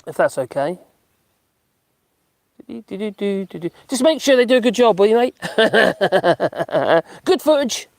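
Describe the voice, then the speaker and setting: A man's voice: sits high, dry recording. Chatty man reading live chat. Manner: chatty, laughs often, mocking asides. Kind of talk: casual chat.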